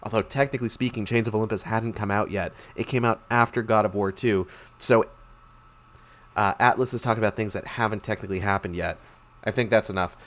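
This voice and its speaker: A man's voice: medium pitch, normal speed, fairly bright tone. Sarcastic, profane man recapping lore. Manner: sarcastic, profane, slangy, lots of fillers. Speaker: streamer recapping game lore. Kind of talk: casual comedic lore recap.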